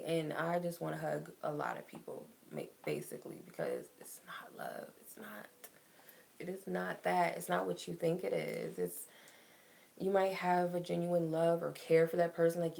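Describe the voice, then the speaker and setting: Low, gravelly-voiced woman tarot reader. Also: a little mellow. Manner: emotional, heartfelt, says "like" often. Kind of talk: casual spiritual talk to viewers.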